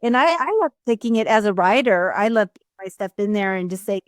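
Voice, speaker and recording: A woman's voice: medium pitch, expressive, fast, no room sound, studio quality. A woman coach speaking as an interview guest, agreeable and encouraging, often affirming with "yeah". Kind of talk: casual conversational interview.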